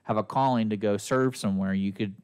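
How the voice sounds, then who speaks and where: A middle-aged man hosting a casual movie podcast, retelling a plot with animated, acted-out quotes. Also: lowish voice, brisk, smooth. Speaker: podcast host reviewing movies. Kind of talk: casual chat.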